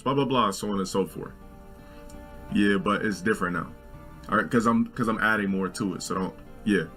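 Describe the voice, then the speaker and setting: A man in his forties telling a long personal story in a casual, profane, animated way, with faint music. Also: normal speed. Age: 40s. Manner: animated, profane, jumps into shrill quoted voices. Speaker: storyteller in a video.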